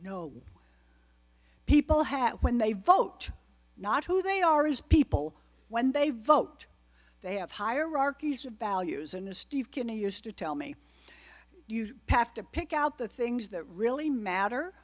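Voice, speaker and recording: Woman guest speaker with a raised pitch, addressing a club audience loosely and wryly, with many digressions. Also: big pitch swings, unhurried. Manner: chatty, wry asides, frequent digressions. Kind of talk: informal political talk to a live audience.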